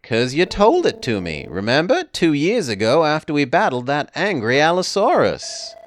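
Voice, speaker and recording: A man's voice: fairly high pitch, huge pitch swings, moderate pace, a little hiss or hum. A man doing a put-on Texan accent to voice a folksy old cowboy who owns a fossil park, drawling as he reads the game's lines.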